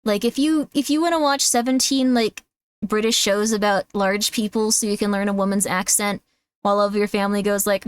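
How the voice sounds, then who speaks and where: Woman streamer rambling and joking, mid pitch, super casual chat. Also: brisk, clean tone. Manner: rambling, joking, self-deprecating.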